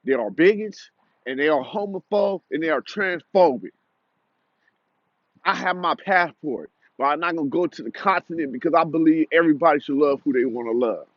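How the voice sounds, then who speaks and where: A man's voice: a little high, moderate pace, no echo, highs cut off. A young man delivering a heated, repetitive, confrontational commentary rant.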